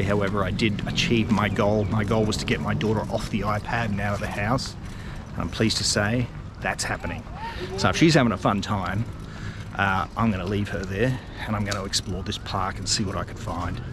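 A man's voice: fairly low pitch, steady tone, a little fast. A middle-aged Australian man narrating a casual walking vlog outdoors, rambling and chatty with lots of fillers and restarts. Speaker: travel vlogger. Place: outdoors in a city park. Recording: outdoor street and traffic noise.

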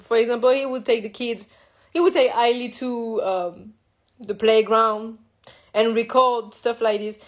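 A young woman from France, a native French speaker talking in English, telling her own story in a halting way, repeating words and correcting herself. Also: on the high side. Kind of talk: personal confessional monologue.

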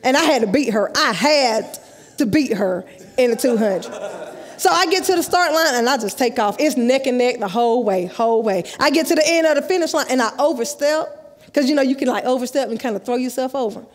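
A woman, telling a lively story in a sermon at a youth conference and acting out the dialogue. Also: high voice, fairly quick. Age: 30s. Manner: lively, acts out dialogue, laughs often. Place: large church sanctuary, live. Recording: live church hall with long echo.

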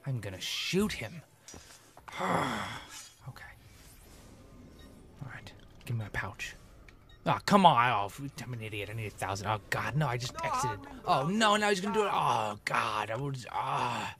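A man's voice: mid-range voice, big pitch swings, normal speed, long pauses, noisy background. A man giving gameplay commentary, grumbling and sarcastic as he talks to his audience. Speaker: let's play gamer.

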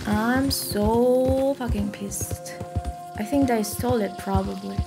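A woman from Iran giving casual, excitable commentary while playing a video game, swearing and exclaiming often. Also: high-pitched, takes it slowly, gravelly, over music. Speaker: let's play streamer.

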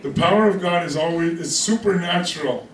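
Male pastor with a high voice, casual humorous preaching, recorded far off in an echoey church with the congregation audible. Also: fairly quick, a little hiss or hum. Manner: conversational, joking, keeps asking "you with me?". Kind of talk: sermon.

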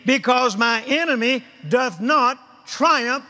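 A man's voice: extremely high pitch, takes it slowly, sharp tone. An older man preaching a sermon at a convention, emphatic and repetitive, leading the crowd to repeat phrases after him. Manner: emphatic, repetitive, leads crowd call-and-response. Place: large convention hall. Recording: long hall reverb.

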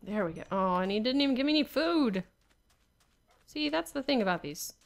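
A woman's voice: fairly high pitch, animated, brisk, creaky. Exasperated young woman narrating gameplay. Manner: exasperated, talks to herself, laughs often. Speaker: gamer. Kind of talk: Minecraft gameplay commentary.

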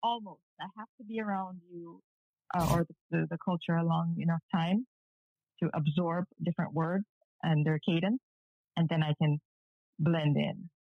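A woman from Jamaica speaks plainly and frankly in a relaxed interview. Her voice is gravelly and a little husky. It comes through a remote call as thin, dry, phone-like audio. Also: on the low side, normal speed, no room sound. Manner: frank and matter-of-fact. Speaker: guest, cultural media commentator. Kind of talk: casual interview conversation. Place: at home in the evening. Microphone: remote video call.

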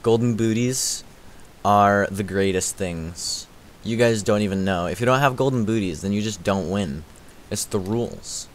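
A man's voice: lowish voice, moderate pace, slight background noise. A young man streaming a game, chatting casually, goofy and self-mocking, trash-talking, singing snatches of songs. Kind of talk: casual gaming stream commentary.

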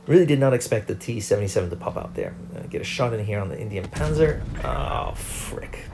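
A man's voice: lowish voice, animated, fast talker, gravelly, noisy background. A young man, host of a gaming channel, giving chatty, self-mocking commentary over his own gameplay.

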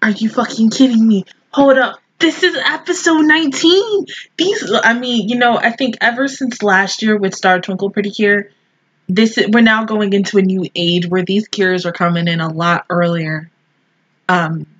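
Husky, emotional woman reacting. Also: mid-range voice, steady tone, moderate pace, dry recording, highs cut off. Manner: emotional, exclaiming, slangy and swearing. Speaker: anime reaction host. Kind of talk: casual reaction commentary.

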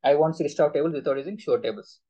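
A man's voice: fairly high pitch, very fast, dark tone, husky, highs cut off. A man teaching a live SQL class, quizzing students with repeated questions. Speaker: SQL instructor.

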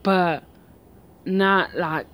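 Very slow-talking rambling woman vlogger. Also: on the low side, a bit bright. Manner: rambling, full of fillers and restarts. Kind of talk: casual rambling chat. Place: outdoors at home.

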